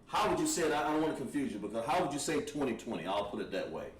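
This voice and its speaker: Guy teaching a class, halting, thinking out loud, mic far off in an echoey room. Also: mid-range voice, big pitch swings. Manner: halting, thinks aloud while writing on a board. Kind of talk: classroom language lesson. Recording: echoey room, mic at a distance, faint noise.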